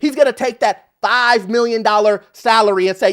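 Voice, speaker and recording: A man's voice: sits high, expressive, a little slow, a bit bright. A man hosting a commentary video, emphatic and mocking, acting out quotes as he reacts to clips. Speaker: host.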